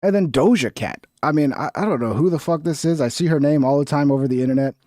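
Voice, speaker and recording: Guy on a stream swearing and rambling over clips, pitch a bit up, dry close sound. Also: quick pace, mellow, dry recording. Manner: crude, profane, rambling. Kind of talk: casual reaction commentary.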